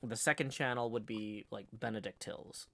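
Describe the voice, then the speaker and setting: A man's voice: on the low side, steady tone, moderate pace, gravelly, bright, forceful tone. A man chatting casually on a livestream, rambling through stories with many fillers and restarts. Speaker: streamer co-host.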